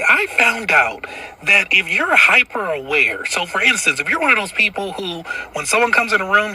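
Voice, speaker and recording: A man's voice: high-pitched, pushed and bright, recorded from a distance, slight background noise. A man in a casual rant to camera, blunt and emphatic, swearing freely.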